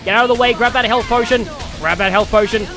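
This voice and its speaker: An excitable male streamer from Australia puts on a broad Australian accent and rambles and shouts at the game he plays. His voice sits very high. Game music plays behind him. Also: fast. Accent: put-on broad Australian. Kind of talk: excited gameplay commentary.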